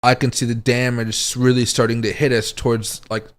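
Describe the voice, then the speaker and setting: A man's voice: mid-range voice, flat delivery, moderate pace, clean tone. A man giving casual, rambling livestream commentary on crypto charts, thinking aloud as he goes. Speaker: crypto market streamer.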